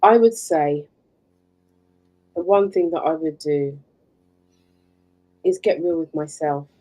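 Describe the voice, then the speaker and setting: A woman speaking as a podcast guest, answering in a measured, reflective way. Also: sits low, dark tone, rough recording. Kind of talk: interview answer.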